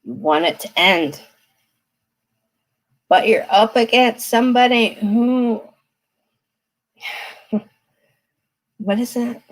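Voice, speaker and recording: A woman reads tarot cards live from home, speaking at an unhurried pace. Her delivery is chatty and emphatic, and she breaks into laughter often. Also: on the high side, expressive, poor audio. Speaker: tarot reader. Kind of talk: live-stream reading.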